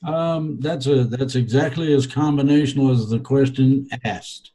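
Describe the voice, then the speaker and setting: A man's voice: medium pitch, normal speed, dark tone, rough recording. A man giving casual podcast answers, hesitant and rambling with many fillers and a dry, wry humor. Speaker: guest.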